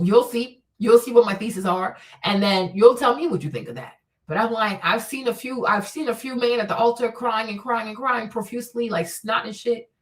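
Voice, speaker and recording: A woman hosting a livestream, giving blunt, profane, animated commentary on relationships. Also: mid-range voice, far from the mic, poor audio. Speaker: livestream host.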